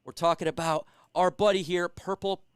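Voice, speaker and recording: A man's voice: high voice, steady tone, normal speed, clear, resonant tone. A man hosting a casual sports live stream who hypes the chat and reads out viewer comments. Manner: hypes chat, reads super chats aloud.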